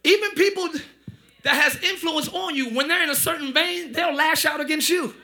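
A man preaching a lively sermon as pastor, often shouting and joking with the congregation. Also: very high voice, moderate pace, vocal fry. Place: church sanctuary.

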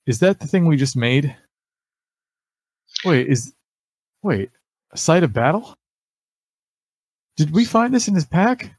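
A man with a lively, up-and-down voice plays a tabletop game. He fires off questions and stumbles over his own starts. The sound is dry and close. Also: a little high, slow, pauses often, slightly rough, dry recording. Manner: animated, questioning, stumbles into restarts. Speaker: player.

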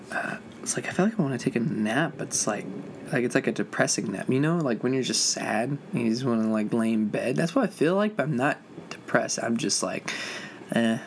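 A young adult podcast host chatting alone at home in a mid-pitched voice. The talk drifts and sags, full of fillers and tired sighs, with faint noise behind. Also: expressive, a little fast. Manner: rambling and low-energy, full of fillers and sighs. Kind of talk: casual solo podcast chat. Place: at home with a cat.

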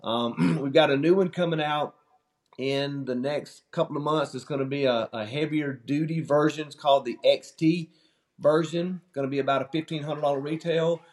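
A man talking in a relaxed, plain-spoken way, telling stories as a guest in a casual interview. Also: on the high side, moderate pace. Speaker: company founder's son, guest.

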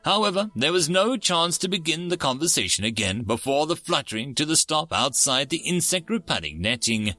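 A man narrating a story in a steady storybook reading. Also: a little high, fairly quick, few pauses, no room sound, faint music behind.

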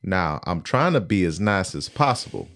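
Deep-voiced man, coaxing and menacing. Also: very animated. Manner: slow, coaxing, quietly menacing. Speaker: player. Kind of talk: in-character tabletop role-play.

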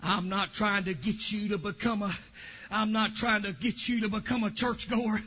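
A man preaching a fervent Pentecostal sermon, swinging from quiet asides to shouted praise. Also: high voice, fairly even intonation, normal speed, slightly rough, dull audio.

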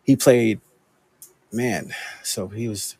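A man's voice: lowish voice, slow pace, gravelly, a crowd in the background. A man in his thirties from Los Angeles chatting casually as a podcast co-host, candid and confessional, often saying "man". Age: 30s. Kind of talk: casual chat.

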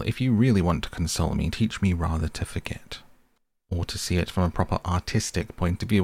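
A man's voice: deep voice, gravelly, a little mellow, slightly rough, no echo, full character voice. A man voicing a cool, self-absorbed young male aesthete who speaks in a languid, lecturing tone.

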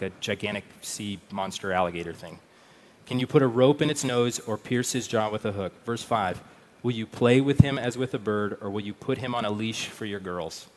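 A man's voice: on the low side, a little hiss or hum. A man preaching a sermon, speaking conversationally and reading scripture aloud. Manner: conversational, repeats words, reads scripture aloud. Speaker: pastor.

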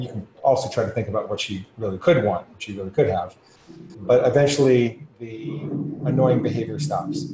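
A man's voice: mid-range voice, darkish tone, a little hiss or hum. A man as a podcast guest, explaining earnestly and with rising emphasis. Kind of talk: conversational explaining. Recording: echoey room with faint ambience.

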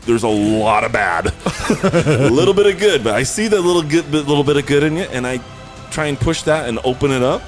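A man's voice: a little high, animated, a little fast, faint music behind. A man co-hosting a podcast, rambling and swearing, often breaking into laughter during crude banter with friends. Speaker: podcast co-host.

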